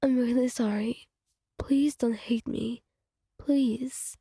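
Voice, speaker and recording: A woman voicing a sensitive, tearful partner in a whispered role-play, speaking softly and pleadingly. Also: fairly high pitch, steady tone, slow, slightly rough, dry recording, studio quality, exaggerated voice. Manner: pleading, soft.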